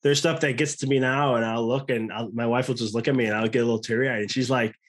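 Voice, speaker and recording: A man's voice: medium pitch, fairly even intonation, fast. A man in his thirties with an American accent, talking earnestly in a casual conversation and often restarting his sentences. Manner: rambling, earnest, many restarts. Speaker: podcast guest.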